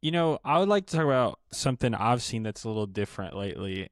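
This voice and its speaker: A man co-hosting a podcast in casual chat, explaining things in a relaxed way with restarts. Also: medium pitch, quick pace, dry recording, studio quality. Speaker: podcast co-host.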